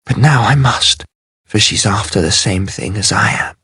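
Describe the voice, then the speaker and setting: A man's voice: on the low side, expressive, moderate pace, pushed and bright, breathy edge, dry recording, studio quality, exaggerated voice. A man voicing a weary, guarded sorceress. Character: proud powerful sorceress, secretive. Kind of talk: audiobook character voice.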